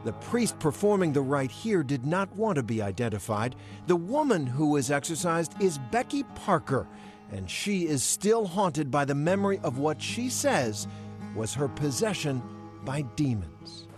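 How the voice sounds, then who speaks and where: A man narrating a television news report in a measured, dramatic reporter's voice. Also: on the high side, sing-song, a little mellow, soft background music. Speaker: news correspondent and interviewer.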